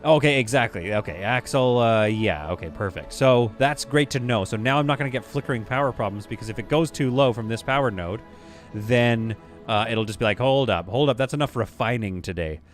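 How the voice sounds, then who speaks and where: A man's voice: medium pitch, a little fast, soft background music. A man from western Canada livestreaming a space-building game, thinking aloud and chatting with viewers as he plays. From Vancouver, Canada. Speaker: streamer playing a space sim. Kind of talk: live gameplay commentary, chatting with viewers.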